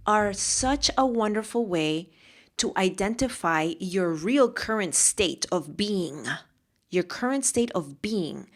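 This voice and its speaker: A woman hosting a solo motivational podcast, talking with passion and often repeating phrases for emphasis. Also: medium pitch. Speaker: podcast host and mentor.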